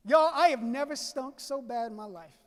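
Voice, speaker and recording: A man's voice: very high-pitched, moderate pace. A man from Southeast Louisiana, giving a folksy, story-driven keynote speech to an audience he calls y'all. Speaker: keynote speaker. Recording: reverberant hall.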